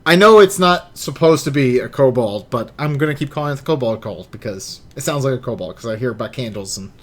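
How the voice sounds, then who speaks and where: A man's voice: mid-range voice, expressive, fairly quick. A man co-hosting a podcast in casual chat, laughing often and restarting his sentences. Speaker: podcast co-host.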